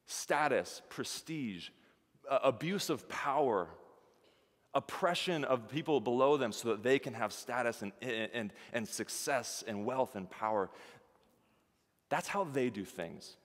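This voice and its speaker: A man preaching a sermon as pastor, lively, acting out the voices of the people in his story. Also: mid-range voice, unhurried. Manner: animated, acts out voices of the disciples and Jesus. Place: church sanctuary. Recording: church hall reverb.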